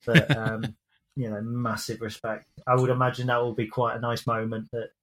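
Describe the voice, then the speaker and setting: A man's voice: medium pitch, little pitch movement, brisk, fairly bright tone. A man co-hosting a casual football fan podcast, rambling and self-deprecating with many fillers. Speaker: podcast co-host. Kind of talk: casual chat.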